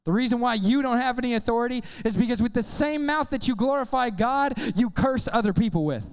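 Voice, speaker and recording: A man preaching a sermon to young people, energetic and casual, often calling on the crowd to respond. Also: very high-pitched, fairly quick, clean tone, long reverb tail. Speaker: youth pastor.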